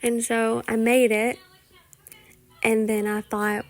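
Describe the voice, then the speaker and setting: A young woman hosting a casual solo podcast, rambling with lots of "like" and "you know", sometimes dropping into soft whispery asides. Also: on the high side, little pitch movement, slow pace. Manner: rambling, chatty, many "like" and "you know" fillers. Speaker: podcast host.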